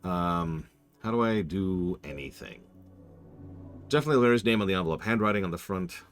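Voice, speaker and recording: A man's voice: sits low, lively intonation, fairly quick. A man casually commenting on a horror game during a live stream, rambling, interrupting himself and answering his chat.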